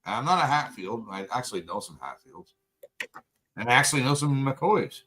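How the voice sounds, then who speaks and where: A man hosting a late-night casual chat, rambling and swearing freely, with an animated, profane delivery. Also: medium pitch, moderate pace, low-quality recording. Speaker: podcast host.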